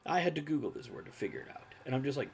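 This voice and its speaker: A man hosting a casual podcast chat, talking in an animated way, laughing often and swearing freely. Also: mid-range voice, very fast, creaky, slightly rough. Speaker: podcast host.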